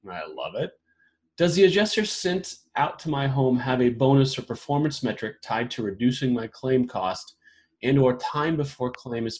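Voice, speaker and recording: A man hosting a casual roundtable talk, reading questions off a list and reacting to each with amused asides. His voice sits at an ordinary middle pitch for a man. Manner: reads questions aloud with amused, laughing commentary. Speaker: podcast host.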